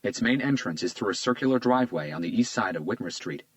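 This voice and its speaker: A man giving measured, scripted audiobook narration on a close studio mic. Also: on the low side, lively intonation, no echo.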